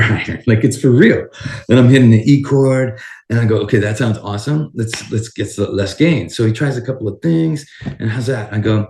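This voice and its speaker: Guitar guy telling stories in an interview, lowish voice, sounds kinda roomy, acts out who said what. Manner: animated, acts out conversations, swears casually. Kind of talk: casual interview storytelling.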